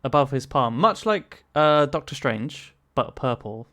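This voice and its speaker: A man's voice: medium pitch, lively intonation, unhurried, a bit bright. A man narrating a tabletop game as game master, casual, laughing often and swearing.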